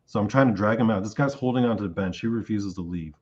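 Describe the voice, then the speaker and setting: A man with a lowish, slightly breathy voice talks fast as an interview guest, animatedly retelling a long dream in casual conversation and acting out his own lines from it. The recording has its highs cut off.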